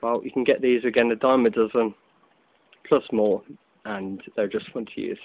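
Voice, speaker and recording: A man's voice: mid-range voice, fairly even intonation, normal speed, no echo. Man, casual hobbyist vlogger, loose and chatty; outdoor phone recording, tinny narrow sound. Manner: chatty, loose, with many ums and self-corrections. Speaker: hobbyist video maker. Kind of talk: casual demonstration vlog. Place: outdoors in afternoon sun. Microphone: phone camera.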